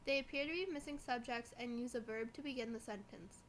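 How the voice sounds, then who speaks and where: A young woman reading a school presentation from notes, slowing down on the examples. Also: fairly high pitch, a bit bright, a little hiss or hum. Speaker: student presenter.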